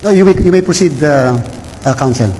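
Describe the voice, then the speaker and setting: Brisk presiding official in a hall. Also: male voice, fairly high pitch, animated, mellow, slight background noise. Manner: brisk, formal, hesitant fillers.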